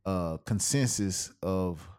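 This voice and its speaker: A man's voice: deep voice, takes it slowly, a little mellow, clean tone. A man co-hosting a podcast, casual and easygoing, agreeing and joking with his friend. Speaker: podcast co-host. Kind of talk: casual chat.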